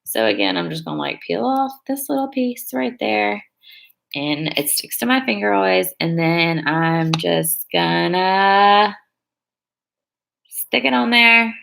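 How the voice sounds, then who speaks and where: Doing her nails during a live stream, a young woman rambles chattily and hedges constantly. She speaks slowly but sounds very animated, with a medium-pitched, gravelly, slightly bright voice.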